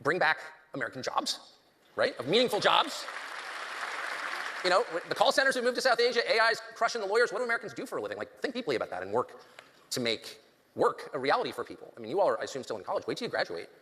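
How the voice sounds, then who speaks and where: Fast-talking man in his 50s giving a speech, bright voice going up and down, long hall echo. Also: high voice, very animated, some chatter behind, slight background noise. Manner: emphatic, rambling, with many ums and restarts. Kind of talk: political speech.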